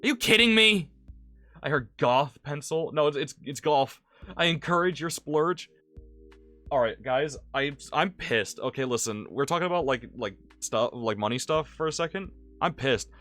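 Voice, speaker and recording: A man with a bright, forceful voice talks casually over a gaming stream. He rambles, restarts his sentences and curses freely, at a middling pitch, with faint game music behind him. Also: normal speed. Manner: animated, rambling with restarts and frequent cursing.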